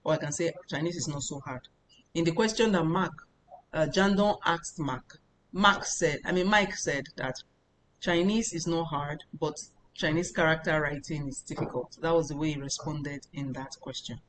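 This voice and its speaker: A woman from Nigeria, teaching a language lesson as a tutor and repeating phrases slowly before explaining them step by step. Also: deep voice, slight background noise, low-quality recording.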